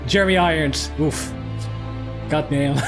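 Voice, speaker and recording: Excitable higher-voiced man with music behind. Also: slow. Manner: excitable, laughs often, swears casually. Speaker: let's play host. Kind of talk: casual gameplay chat. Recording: music playing underneath.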